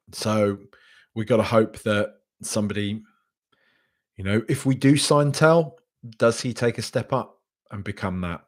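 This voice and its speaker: A man hosting a live podcast, reacting casually and reading out chat messages, with lots of ums and restarts. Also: mid-range voice. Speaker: podcast host.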